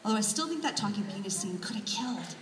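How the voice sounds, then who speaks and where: Speaking fast and expressively at medium pitch, a woman author gives a comic keynote; a little hiss or hum sits under the sound. The distant, echoey recording of the large hall catches the crowd laughing at her wry, self-deprecating, punchy jokes.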